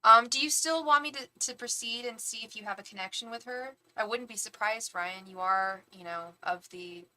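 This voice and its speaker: A woman doing a live tarot reading in a bright, clear voice. She chats casually with viewers in animated bursts and restarts often. At other times she softly repeats a chanted invocation. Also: a little high, moderate pace, few pauses, rough recording. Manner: chatty and animated, with frequent restarts. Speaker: tarot reader and psychic medium. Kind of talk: casual chat on a live stream.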